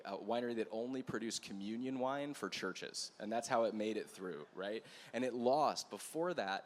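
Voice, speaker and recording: A man preaching as a pastor at a church gathering, telling a story in a conversational, animated way with asides to the room. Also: medium pitch, a little hiss or hum. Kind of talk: storytelling sermon.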